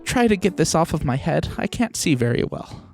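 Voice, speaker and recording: A soft-spoken, courteous teddy bear voiced by a man, a touch higher than a man's usual voice. He rambles politely and loses his thread. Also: big pitch swings, a little fast, soft background music. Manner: polite, rambling, mildly muddled. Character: gentle, polite, slow-witted old teddy bear.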